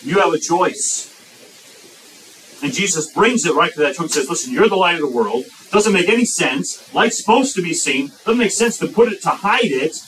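A man delivers a sermon in a fairly high voice, pressing his points through repetition. He slows right down whenever he quotes scripture. The mic sits at some distance, and a faint hiss runs under his voice. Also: animated, fairly bright tone. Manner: emphatic, repeats phrases, slows for quoted scripture. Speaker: preacher.

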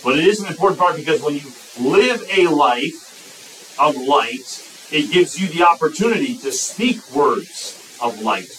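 A man's voice: on the high side, lively intonation, noisy background. Emphatic preacher man, distant mic. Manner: emphatic, repeats phrases, slows for quoted scripture. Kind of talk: sermon.

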